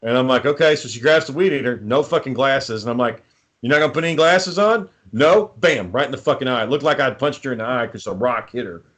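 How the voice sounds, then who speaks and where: A man's voice: mid-range voice, fast talker, hardly any pauses, fairly bright tone. A man co-hosting a casual chat, swearing freely as he tells heated stories about home life. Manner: profane, heated storytelling.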